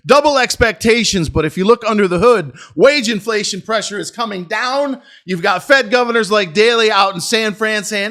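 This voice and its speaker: An American man hosting a stock trading channel, talking to camera in a brash, boastful, profane and excitable way. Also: high-pitched, moderate pace, few pauses. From United States. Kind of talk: casual market commentary to camera.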